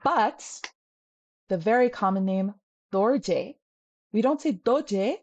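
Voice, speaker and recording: A woman's voice: medium pitch, expressive, slow pace, lo-fi sound. Playful woman teaching a language lesson. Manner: playful, explanatory. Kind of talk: lecture.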